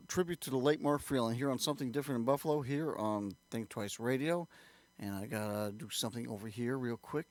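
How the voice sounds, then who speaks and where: A man's voice: mid-range voice, no room sound. A man hosting a live radio show, flustered and muttering to himself as he fumbles with equipment.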